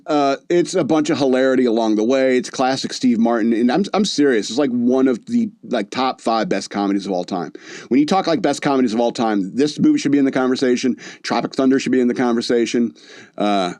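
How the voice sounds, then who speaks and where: A man's voice: mid-range voice, a little fast, a little mellow, no echo. Rambling male podcast host, dry sound. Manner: rambling, loose delivery with many fillers and restarts. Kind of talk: casual movie review chat.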